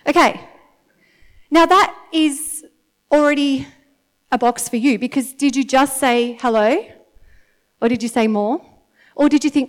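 A woman in her thirties with an Australian accent, giving a chatty, animated sermon to a congregation and often laughing. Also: high-pitched, slow, pauses often. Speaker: church speaker. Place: church meeting in front of an audience.

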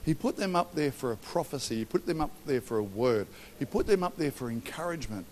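A middle-aged man with an Australian accent preaching a sermon to leaders, animated and joking, acting out stories with quoted voices. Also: mid-range voice, fast talker. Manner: animated, storytelling with acted quotes and humour. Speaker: pastor. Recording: long hall reverb.

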